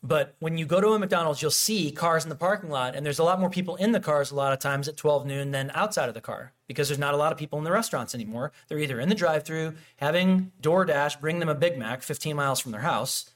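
A man preaching a casual, conversational sermon, animated and acting out little quoted exchanges. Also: fairly high pitch, fast talker, hardly any pauses. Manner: animated, acts out quoted dialogue, frequent restarts and fillers. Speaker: pastor.

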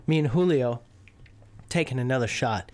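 A young man co-hosting a podcast, telling a story in casual chat, animated and profane, laughing as he goes. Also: mid-range voice, moderate pace. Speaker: podcast co-host.

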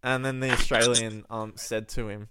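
A man's voice: mid-range voice, flat delivery, normal speed, bright, forceful tone. Young guy cohost, rambly stories, lots of um, on a voice call. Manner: rambling anecdotes with many ums. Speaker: podcast co-host. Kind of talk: casual chat. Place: online voice call.

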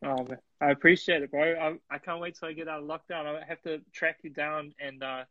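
Slightly high-voiced casual host. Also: male voice, fairly even intonation, fairly quick, bright, forceful tone, no echo. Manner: friendly, grateful, says bro and man a lot. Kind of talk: casual interview chat. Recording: dull, dry lo-fi recording.

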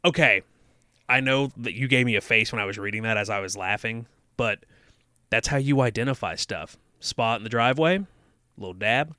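A man's voice: medium pitch, brisk, pushed and bright, smooth, no echo, clean studio sound. A man co-hosting a podcast, reading a horror book aloud and breaking off to joke and tease. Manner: joking, teasing, mock-dramatic quoting. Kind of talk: casual reading and banter.

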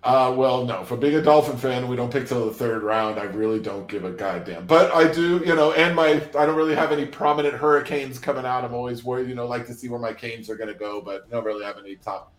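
A man's voice: medium pitch, fast talker, few pauses. A man co-hosting a casual podcast, telling stories in a chatty, easily laughing way. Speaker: podcast co-host. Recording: roomy echo with faint music.

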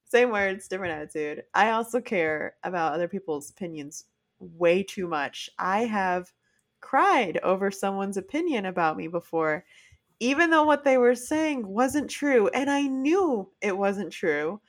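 A woman's voice: mid-range voice, unhurried. A woman co-hosting a casual chat podcast, talking earnestly and acting out quoted lines as she tells stories. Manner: earnest, animated storytelling with acted-out quotes. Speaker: podcast co-host.

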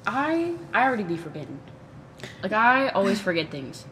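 A young woman co-hosting a podcast in casual chat, playful and giggly, often trailing off into soft mumbles. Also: medium pitch, very animated, normal speed, slight background noise. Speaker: podcast co-host.

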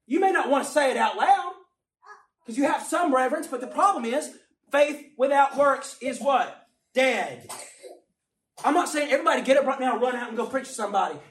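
A man preaching a sermon with passion, swinging from quiet, low remarks up to emphatic shouts. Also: lively intonation, brisk. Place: church hall. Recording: roomy sound from a distant mic.

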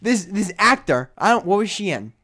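A man's voice: high-pitched, big pitch swings, moderate pace. Rambling young man on a podcast. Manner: rambling, filler-heavy storytelling with big swings in loudness. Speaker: podcast co-host. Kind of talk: casual chat.

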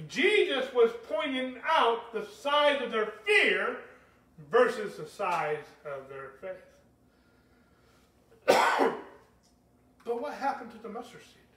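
Male pastor preaching a sermon: high, bright voice, heard from a distance in an echoey room. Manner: animated preaching, rising to shouts, asks the congregation questions. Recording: echoey room, speaker far from mic.

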